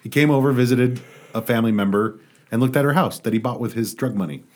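A man's voice: medium pitch, fast talker. A man co-hosting a loose, casual group conversation. He reads news stories aloud and then riffs on them with jokes. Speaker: podcast co-host.

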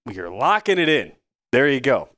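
This sports betting podcast host has a mid-range, bright, forceful voice with big pitch swings, speaking at normal speed with no room sound. His casual talk rambles and self-corrects, with frequent restarts and wry asides.

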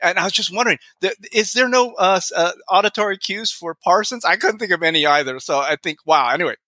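Middle-aged male interview guest, bright slightly higher voice, rambles with fillers and chuckles. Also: fast, no room sound. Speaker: guest author. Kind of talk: casual interview chat.

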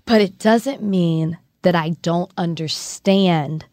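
A woman's voice: on the low side, slow pace, warm tone, dry recording, studio quality. A woman co-hosting a podcast, outspoken and blunt in casual chat. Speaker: podcast co-host.

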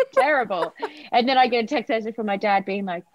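A woman's voice: a little high, lively intonation, fairly quick, dry recording, highs cut off. A woman talking candidly in a casual chat, swearing freely and laughing often.

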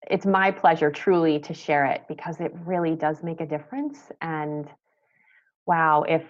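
A woman guest on a podcast interview, speaking softly and thoughtfully with pauses and restarts. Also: on the low side, highs cut off. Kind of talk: podcast interview, reflective storytelling.

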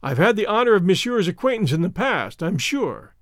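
A man reading the part of a calm, stern gentleman hero, speaking in a measured way. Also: sits high, dry recording, clean studio sound. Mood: polite.

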